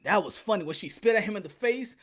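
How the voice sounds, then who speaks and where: Animated, high-voiced man telling stories. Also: fast talker. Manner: animated, profane, laughing often. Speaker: podcast host. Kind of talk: casual storytelling.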